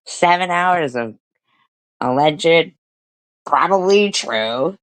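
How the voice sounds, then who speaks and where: Woman streamer, very deep voice, slow drawl, crude mocking commentary, dry close sound. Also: sing-song, no room sound. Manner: crude, profane, laughing at own jokes.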